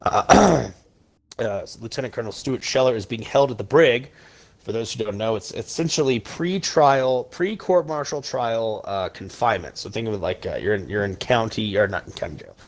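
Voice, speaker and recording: Heated ranting podcast host, low voice. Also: male voice, lively intonation, moderate pace. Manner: heated ranting, emphatic insults. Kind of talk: casual chat while playing a video game.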